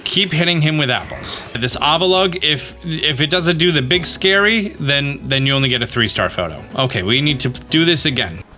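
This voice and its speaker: Bright-voiced man narrating a game walkthrough. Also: fairly high pitch, lively intonation, moderate pace, soft background music. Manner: exasperated, talks to the game character; instructive, repeats "okay?". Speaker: gaming guide host.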